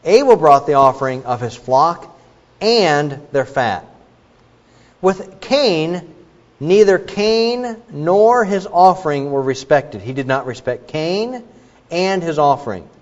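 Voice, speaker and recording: A man preaching a sermon in an animated, questioning manner, with asides to the congregation. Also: a little high, slow pace. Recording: dull recording with long hall reverb.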